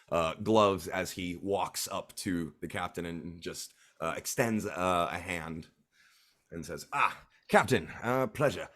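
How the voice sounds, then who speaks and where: A man's voice: deep voice, a bit bright. A man narrating a tabletop game as game master, with a hesitant delivery full of fillers.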